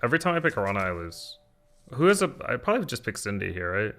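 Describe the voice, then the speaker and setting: A man's voice: lowish voice, big pitch swings, fast talker, a bit bright. A man streaming a card game, thinking aloud and answering chat questions in an explaining tone. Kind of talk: live-stream gameplay commentary. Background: faint lo-fi music.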